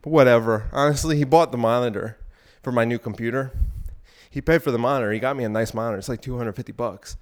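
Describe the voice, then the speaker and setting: A man's voice: mid-range voice, fast talker. Ranting young man, crude and rambling. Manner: crude, ranting, profane, with frequent asides; talking while exercising on an elliptical. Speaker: podcast host. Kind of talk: rambling solo podcast talk.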